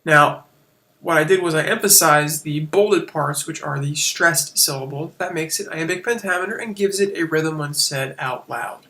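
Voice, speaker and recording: Bright-voiced man teaching a casual lesson. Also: a little high, normal speed. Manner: casual, explanatory, with fillers and self-corrections. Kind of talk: screen-share lesson on poetic meter.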